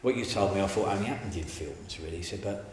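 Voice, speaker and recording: A middle-aged man recounts his story in a candid, colloquial way and acts out each person he quotes. His voice sits fairly low. It rings around a very echoey room with a faint hiss underneath. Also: fast. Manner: animated, colloquial, acts out the people in his stories. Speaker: interviewee giving a testimony.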